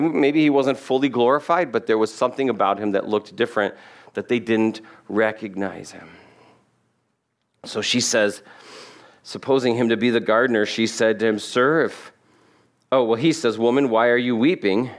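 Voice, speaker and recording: A man's voice: mid-range voice, normal speed. Man preaching a conversational sermon. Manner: conversational, humorous asides. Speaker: pastor. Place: church sanctuary.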